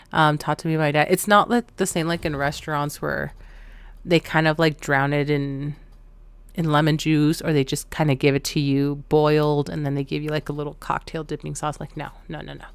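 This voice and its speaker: A woman's voice: deep voice, clear, resonant tone, no echo. A woman streamer chatting casually with her viewers, joking and rambling between thoughts. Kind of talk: casual live-stream chat.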